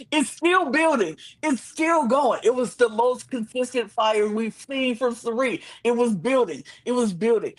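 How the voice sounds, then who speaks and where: A man, chatting on a podcast about a reality show. He retells the action with dramatic acted-out reactions, and his voice swings from low mutters to sudden high cries. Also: normal speed, hardly any pauses. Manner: animated, acts out reactions with big pitch swings. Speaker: podcast co-host. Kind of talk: casual reality-TV recap chat.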